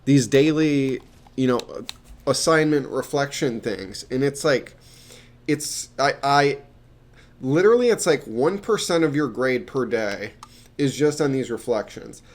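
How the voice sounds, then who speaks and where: A man's voice: mid-range voice, lively intonation, unhurried. A young man casually telling rambling stories about his job as a peer mentor, with many restarts and fillers, swearing here and there. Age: young adult.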